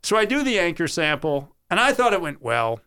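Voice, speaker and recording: A man's voice: a little high, brisk, clear, resonant tone. A middle-aged man, a sportscaster, telling earnest stories from his career in an interview. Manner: earnest, animated storyteller who acts out quoted voices. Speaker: sportscaster guest. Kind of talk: interview storytelling.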